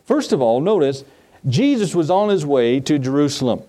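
A man's voice: on the high side, very animated, normal speed, warm tone. Folksy preacher man. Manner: folksy and conversational, acts out voices in his story. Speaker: pastor. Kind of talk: sermon with scripture reading and a told joke.

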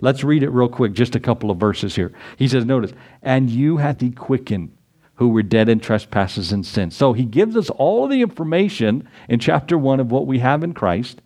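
A male pastor delivers a sermon in a folksy, animated way. He reads scripture aloud and acts out little voices, chuckling as he goes. His voice sits at an ordinary middle pitch. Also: normal speed.

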